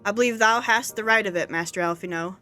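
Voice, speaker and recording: A woman's voice: mid-range voice, quick pace, pushed and bright, faint music behind, lightly acted. A woman voicing a grave, learned male mystic who talks in archaic, ornate language. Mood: solemn.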